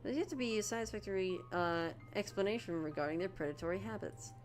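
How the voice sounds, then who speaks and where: A woman streamer giving casual, excitable commentary while playing a game, gushing and often restarting her sentences. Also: mid-range voice, fast talker, faint music behind.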